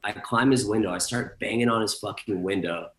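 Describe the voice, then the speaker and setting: A man's voice: fairly low pitch, brisk, fairly bright tone, roomy sound. A man, a guest DJ, telling rambling, profane stories in a casual chat, full of fillers.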